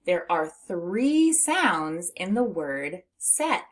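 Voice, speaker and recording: A middle-aged woman teaching a phonics lesson to young children, patient and encouraging, stretching words out slowly and laughing lightly between steps. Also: lowish voice, sing-song.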